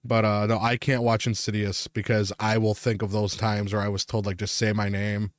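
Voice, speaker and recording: A man's voice: fairly low pitch, little pitch movement, moderate pace, no echo. A man, a podcast co-host, telling a personal ghost story in a casual, profane, rambling way.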